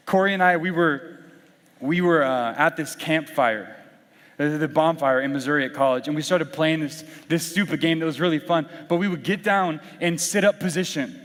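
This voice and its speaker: Young male youth pastor, higher-pitched voice, casual and animated storyteller, recorded in a big echoing hall. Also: normal speed. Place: large hall with audience. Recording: reverberant hall.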